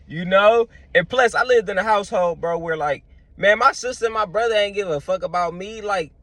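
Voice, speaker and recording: A man's voice: sits high, a little fast, fairly bright tone, no echo. A young man, telling stories in a loose, slangy vlog monologue full of fillers. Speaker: vlogger. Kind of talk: casual storytelling monologue.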